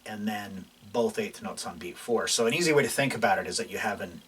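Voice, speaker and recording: A man's voice: lowish voice, a little fast, few pauses, distant mic. A man teaching a casual guitar lesson, explaining loosely with lots of fillers and restarts. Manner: relaxed, explains while playing, many fillers and restarts. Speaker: guitar instructor. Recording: voice from off mic, guitar playing behind.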